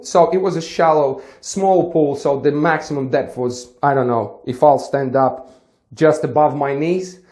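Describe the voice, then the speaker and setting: A man's voice: on the high side, darkish tone. A man who teaches swimming, giving casual advice and telling a story, acting out the conversations as he goes. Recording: roomy echo.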